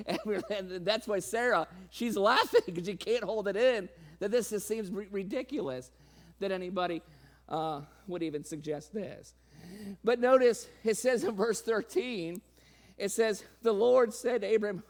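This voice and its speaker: A man preaching a sermon, laughing often and playfully acting out the people in his reading. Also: normal speed. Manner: acts out quoted voices with sudden pitch jumps.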